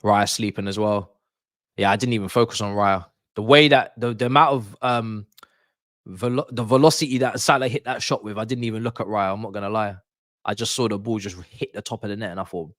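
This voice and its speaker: A young man, doing excited, slangy live commentary for a football watch-along stream, repeating himself as he reacts. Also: lowish voice, a little fast, no echo, clean studio sound.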